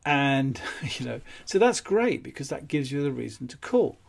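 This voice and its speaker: A man teaching phone appointment-setting in a calm, matter-of-fact way, with light chuckles. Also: medium pitch, moderate pace, vocal fry. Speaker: business skills trainer. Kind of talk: instructional talk on phone sales.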